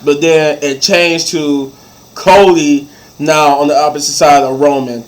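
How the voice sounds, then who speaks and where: A man's voice: on the high side, fairly even intonation, a little slow, low-quality recording. A man casually recapping a wrestling show, acting out quoted lines as he goes.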